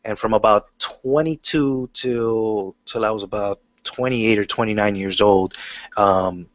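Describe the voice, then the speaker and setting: A man's voice: fairly low pitch, unhurried, no echo, lo-fi sound. A man chatting casually in an interview about his writing, telling stories in a loose way with lots of fillers and restarts. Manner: relaxed storytelling, many fillers and restarts. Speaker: comic book writer.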